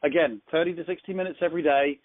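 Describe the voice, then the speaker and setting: Englishman hosting a call, fairly high voice, rambly and chatty, tinny phone sound. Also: steady tone, fast. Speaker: host of a business conference call. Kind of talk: casual motivational talk.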